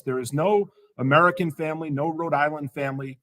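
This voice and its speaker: A man's voice: a little high, steady tone, fairly quick, few pauses, a bit bright, no room sound. Earnest man with a dry sound. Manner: earnest, repeats words, many fillers. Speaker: state secretary, guest. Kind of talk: remarks on a livestream.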